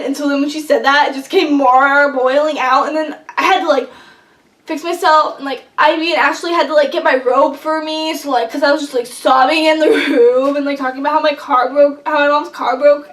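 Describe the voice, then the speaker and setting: A young woman vlogger telling a long story in casual chat, rambling and excitable with lots of fillers. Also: sits high, moderate pace. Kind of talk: casual storytelling while eating. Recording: echoey room, mic at a distance.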